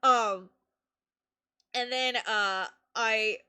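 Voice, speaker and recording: A woman streamer telling a story in casual live-stream chat, excitable, laughing often and swearing casually. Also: a little high, extremely slow, clear, resonant tone.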